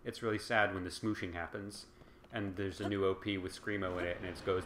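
A man's voice: low-pitched, steady tone, brisk, fairly bright tone, a little hiss or hum. Sarcastic rambling man in a roomy space. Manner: sarcastic, rambling, rising to impassioned. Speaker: let's play commentator. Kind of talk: casual game commentary rant.

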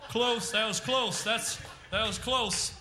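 Brash high-voiced man doing club comedy. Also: steady tone, slow pace, bright, forceful tone, a little hiss or hum. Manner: brash, rambling, blustery dad-type banter. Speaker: stand-up comedian in character. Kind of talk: live character comedy, crowd work. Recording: echoey live club room.

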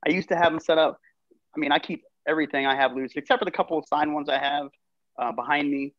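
A man's voice: a little high, fairly even intonation, fast, dull audio. A man appearing as a guest on a casual video podcast, talking in an easygoing, slightly sheepish way.

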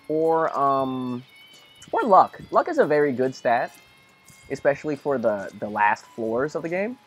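A young man casually rambling through gameplay commentary, tired and easygoing, now and then talking to his dog. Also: mid-range voice. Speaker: let's play commentator.

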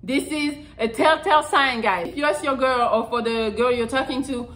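A woman vlogger with a high-pitched, slightly bright voice gives frank, profane dating advice at normal speed, talking casually to camera. She's blunt and rambling, full of fillers, and the recording quality is low.

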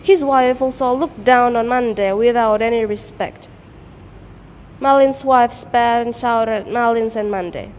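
Slow expressive girl telling a folktale. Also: a little high. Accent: American-style English. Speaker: student storyteller. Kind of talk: folktale storytelling performance. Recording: echoey hall, faint noise.

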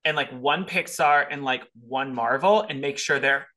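A man hosting a podcast in casual chat, rambling with fillers and breaking into sudden exclamations. His voice is bright and forceful, at a middle pitch. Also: normal speed. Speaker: podcast host.

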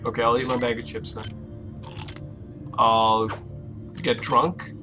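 A young man commentating a horror game let's play, swearing a lot and reacting loudly with jumpy outbursts. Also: mid-range voice, little pitch movement, slow, over music. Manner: loud, profane, jumpy reactions. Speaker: gaming YouTuber.

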